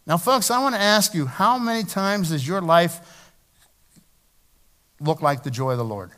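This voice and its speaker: A middle-aged man preaching a sermon, talking in a conversational way and slowing down to stress scripture lines. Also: high voice, animated, pushed and bright. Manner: conversational preaching, rising to emphatic slowed scripture reading. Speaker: pastor.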